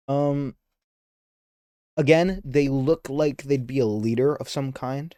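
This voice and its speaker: A man's voice: medium pitch, warm tone, dry recording, studio quality. A man streaming a game live, reading its dialogue aloud and chatting between lines, easily sidetracked.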